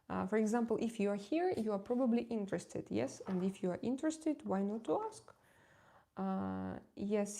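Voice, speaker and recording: Her medium-pitched voice is creaky with a warm tone. A tarot reader chatting casually on her live stream, she's candid and confiding, laughs easily, and often hesitates and repeats words in search of the right ones.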